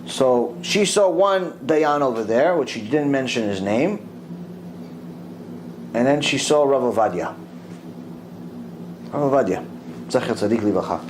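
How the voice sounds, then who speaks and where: A middle-aged man, a rabbi, giving a Torah lecture and retelling a story with animated delivery, dropping Hebrew religious terms. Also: mid-range voice, a little slow, long pauses, a little hiss or hum, low-quality recording.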